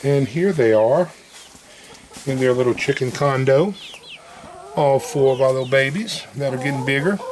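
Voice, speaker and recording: A man giving a relaxed, chatty walk-through of his farm, talking fondly to his chickens as he feeds them. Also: mid-range voice, background noise. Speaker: homesteader showing his farm. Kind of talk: casual walk-through vlog. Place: outdoors on a farm, in and around a chicken coop. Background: chickens clucking and a rooster.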